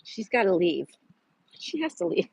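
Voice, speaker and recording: A woman's voice: fairly low pitch, very animated, moderate pace, gravelly, darkish tone, slightly rough, no room sound. A chatty woman hosts a casual livestream outdoors in a park. She greets viewers by name and reads trivia aloud, and her voice sounds close and dry. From Florida. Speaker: livestream host.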